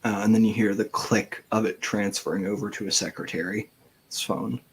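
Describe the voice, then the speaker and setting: A man narrating as game master, describing scenes in a relaxed way with fillers. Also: lowish voice, moderate pace, slight background noise.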